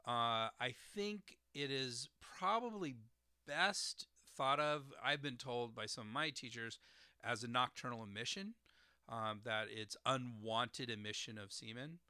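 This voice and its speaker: A man's voice: mid-range voice, a little slow, bright, forceful tone, smooth, no room sound, studio quality. A man hosting an educational podcast as a doctor of herbal medicine, explaining terms carefully and spelling them out letter by letter.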